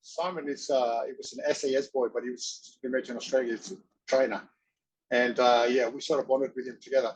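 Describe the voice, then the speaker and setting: A man interviewed as a guest, telling stories in a rambling, excitable way, acting out quotes and swearing now and then. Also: medium pitch, poor audio. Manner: excitable rambling storyteller, acts out quotes, swears, halting grammar. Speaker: interview guest, former wrestler and actor. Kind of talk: casual storytelling.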